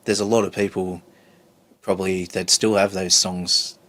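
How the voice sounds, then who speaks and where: A man's voice: sits low, little pitch movement, normal speed, fairly bright tone. A man being interviewed about his music, speaking hesitantly with many ums and restarts. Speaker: guest musician. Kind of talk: casual interview chat.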